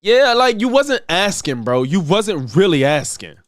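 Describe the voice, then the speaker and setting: A man's voice: a little high, very animated, a little slow. A man streaming blunt, profane reaction commentary on video clips, mocking the people in them.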